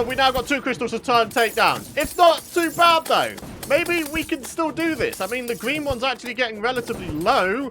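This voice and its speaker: A man hosting a gaming video, giving excitable let's-play commentary, talking to himself and breaking into loud outbursts and laughs. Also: very high voice, slight background noise.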